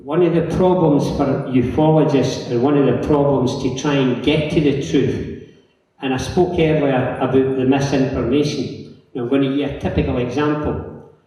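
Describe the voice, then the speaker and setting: A man's voice: mid-range voice, steady tone, moderate pace, mellow, far from the mic. Rambling Scottish man in an echoey hall. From Scotland. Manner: rambling, chatty storyteller who acts out others' lines. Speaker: local councillor giving a talk. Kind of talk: anecdotal conference talk. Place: large conference hall.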